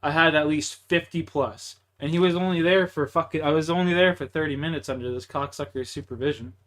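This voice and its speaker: A man's voice: on the high side, brisk, fairly bright tone. A young man with a Canadian accent, venting in a heated, profanity-heavy rant to his livestream chat while gaming. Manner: profane, heated, frustrated ranting.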